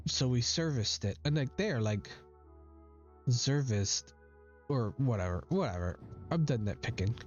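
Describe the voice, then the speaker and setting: A man's voice: medium pitch, very animated, moderate pace. Man nitpicking a game, lo-fi. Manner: reads game text aloud and nitpicks it. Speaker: gamer. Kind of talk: casual gameplay commentary. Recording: dull lo-fi recording with faint game music.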